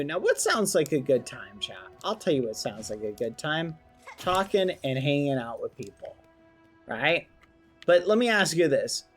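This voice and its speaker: A young man streaming a game and chatting casually with his viewers, telling stories as he plays. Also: mid-range voice. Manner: chatty, addresses chat, storytelling. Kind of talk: casual gameplay commentary. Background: faint game music.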